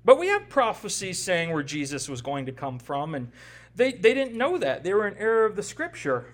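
A man's voice: high voice, wildly swooping pitch, normal speed. A man in his forties preaching a conversational, emphatic sermon, often checking in with the congregation. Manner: conversational, emphatic, frequent "right?" tags. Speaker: pastor. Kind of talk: expository sermon.

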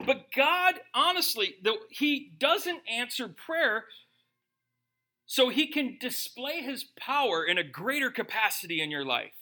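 A man preaching with a high, bright, cutting voice that swoops up and down. He keeps the sermon light and joking, tossing question after question at his listeners. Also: measured pace. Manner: humorous, animated preaching with rhetorical questions. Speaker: pastor.

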